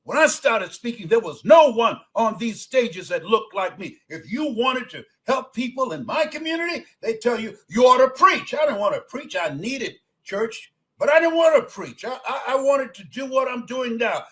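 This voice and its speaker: A man in his seventies giving a motivational speech, emphatic, repeating phrases and swinging from soft talk to shouting. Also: extremely high pitch, very animated, normal speed, hardly any pauses, poor audio. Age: 70s. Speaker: motivational speaker.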